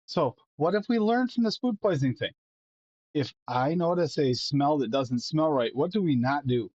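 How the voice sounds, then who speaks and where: A man's voice: on the high side, lively intonation, normal speed, a little mellow, breathy edge, dry recording, muffled recording. A man hosting a live stream in casual chat, rambling in an easygoing way with lots of fillers. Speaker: show host.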